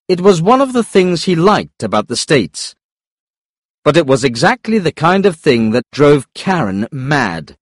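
Slow, lively male storyteller. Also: a little high, no echo, clean studio sound. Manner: clear, deliberate storytelling. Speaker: narrator. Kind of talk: scripted audiobook narration.

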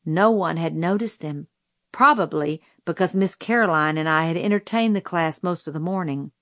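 A woman reading a novel aloud as a storybook narrator, in a measured, deliberate way. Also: deep voice, no echo, studio quality. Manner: slow, measured, deliberate delivery. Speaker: audiobook reader.

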